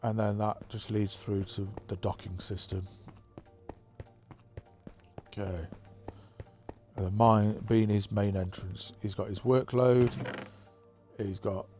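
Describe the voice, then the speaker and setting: A man giving a relaxed, rambling tour of his game map, thinking aloud with plenty of fillers. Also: lowish voice, slow, long pauses. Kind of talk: casual gameplay commentary. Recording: faint background music.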